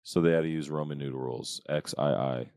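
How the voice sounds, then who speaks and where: A man's voice: rumbling low, steady tone, creaky, a little mellow, clear, resonant tone, no room sound, clean studio sound. A man co-hosting a podcast, joking and teasing in casual chat. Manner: laid-back, teasing, quick jokes. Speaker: podcast co-host.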